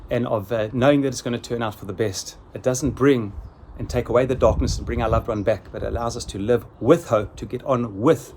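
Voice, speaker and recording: A middle-aged man delivers a sermon in an earnest, measured way, often repeating his key phrases for weight. His voice sits in a middle pitch. A faint noise runs underneath the recording. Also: a little mellow. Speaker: rabbi giving a weekly Torah talk.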